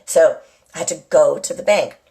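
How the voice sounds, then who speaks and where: A middle-aged woman hosts a casual live chat for her viewers from home, with a kitchen nearby. She's chatty and rambling and keeps asking "right?" Her voice sits low, creaky and mellow, at a moderate pace.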